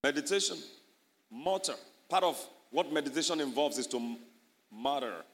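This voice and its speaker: A man's voice: a little high, fast talker. A man with a Nigerian English accent preaching a sermon, emphatic and teaching, acting out little scenes. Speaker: pastor. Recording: echoey hall.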